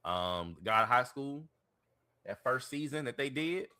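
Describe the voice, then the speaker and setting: Bright-voiced man rambling casually. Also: medium pitch, lively intonation, measured pace. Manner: rambling, repeats words, slangy. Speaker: podcast co-host. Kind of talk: casual chat.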